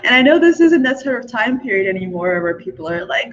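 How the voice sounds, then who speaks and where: A woman's voice: a little high, brisk, hardly any pauses, a bit bright. A young woman in casual chat, giggling often and filling her talk with fillers. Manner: chatty, many fillers, frequent giggles. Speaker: forum host sharing spiritual beliefs. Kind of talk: casual monologue. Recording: dull lo-fi recording.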